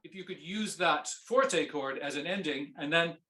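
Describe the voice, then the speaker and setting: A man coaching a viola student in a masterclass, singing musical phrases between gentle instructions. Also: a little high, normal speed, echoey room. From Canada. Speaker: viola teacher giving a masterclass.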